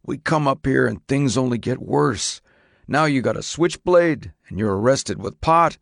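A man's voice: lowish voice, animated, unhurried, slight background noise. A man voicing a worn-out, concerned father who questions and then soothes, in an audiobook reading. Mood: exasperated. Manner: tired, questioning, gentle at times. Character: weary middle-aged father, worn out but concerned.

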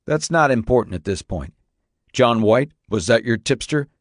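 A man's voice: medium pitch, expressive, normal speed, dry recording, clean studio sound, natural voice. A man playing a guarded, businesslike federal agent.

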